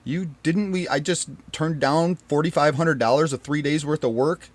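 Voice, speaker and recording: A man with a fairly high voice, speaking at a moderate pace, recounts the painful story of his marriage. He's earnest and pained, rambling, restarting and repeating himself, and often drops to a quiet tone.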